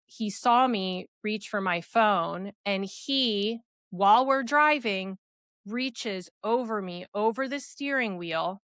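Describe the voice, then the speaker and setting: A young woman recounting a personal story as a podcast guest, earnest and quick, with many fillers. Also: medium pitch, a bit bright, clear, resonant tone, no room sound, clean studio sound.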